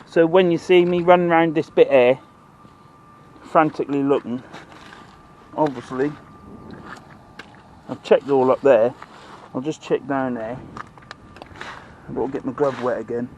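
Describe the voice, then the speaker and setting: A fishing vlogger from Norfolk, England talks casually to camera outdoors by the water, rambling in thick local dialect while he fishes. His medium-pitched voice is unhurried and darkish, with fairly even intonation and long pauses. The recording is muffled, with slight background noise.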